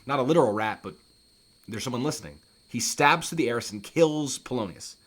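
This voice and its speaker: A man's voice: mid-range voice, lively intonation, fairly quick, a bit bright. A man teaching a play line by line, reading each line and then paraphrasing it plainly, with fillers and restarts. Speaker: literature teacher. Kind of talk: explanatory lesson.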